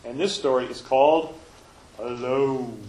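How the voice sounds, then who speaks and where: A man leading a church service and reading a children's story aloud, in a gentle, lively manner. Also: medium pitch, measured pace. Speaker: worship leader. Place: church hall. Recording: roomy church echo.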